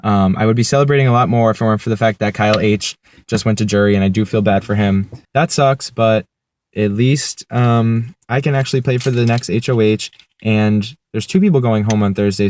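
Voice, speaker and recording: A man's voice: fairly low pitch, fairly quick, a little mellow. A man talking bluntly and gloatingly in a confessional about surviving nominations. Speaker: game player.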